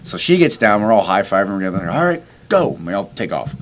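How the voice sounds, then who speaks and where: Low-voiced man, podcast host, casual animated storytelling, acts out quotes. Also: fast, a little hiss or hum.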